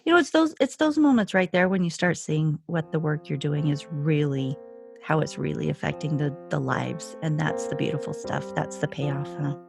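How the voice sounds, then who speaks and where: A woman's voice: sits low, lively intonation, moderate pace, creaky, darkish tone, faint music behind. A woman hosting a podcast interview who speaks with effusive enthusiasm to her guests. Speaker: podcast host.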